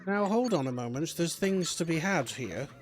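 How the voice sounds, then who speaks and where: A man's voice: fairly high pitch, expressive, normal speed. A man streaming a video game, giving casual, rambling commentary with jokes and remarks aimed at the game and the camera. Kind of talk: casual let's-play commentary. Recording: game music playing behind.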